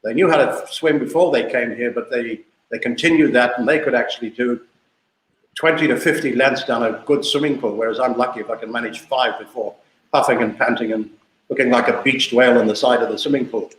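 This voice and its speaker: A man's voice: medium pitch, brisk, a bit bright. An older man in his sixties, originally from South Africa, tells stories as an interview guest. He talks in a chatty, anecdotal way and circles back to repeat his points. The room gives his voice a noticeable echo. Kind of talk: casual storytelling interview. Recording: echoey room.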